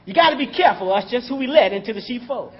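A man's voice: extremely high pitch, lively intonation, fast talker, husky, lo-fi sound. A man preaching a sermon in a conversational style, calling out to the congregation and chuckling as he talks.

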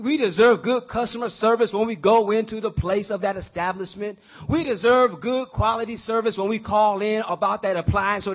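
A man's voice: high voice, muffled recording. A man preaching a sermon, addressing the congregation directly, repeating words as he builds his points and acting out the voices in the story. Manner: acts out quoted voices in dialogue.

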